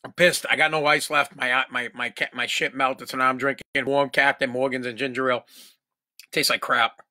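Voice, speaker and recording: A man's voice: mid-range voice, flat delivery, normal speed, bright, forceful tone, dry recording, studio quality. A man hosting a solo podcast from home, ranting in a profane, exasperated way. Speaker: podcast host.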